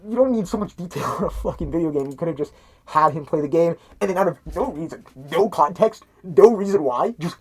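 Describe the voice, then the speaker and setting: Muffled by the mask he's wearing over a cheap microphone, this man reviews a movie in a rambling, foul-mouthed way. His voice sits on the high side, animated and a little fast with a breathy edge, and he restarts constantly, cursing and laughing as he goes.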